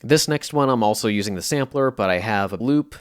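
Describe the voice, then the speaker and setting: A man with a fairly low voice walks through his sound samples in a relaxed, explanatory way. The recording is dry and close, with no room sound. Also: a little fast, clean tone, no room sound. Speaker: music producer. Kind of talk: casual tutorial narration.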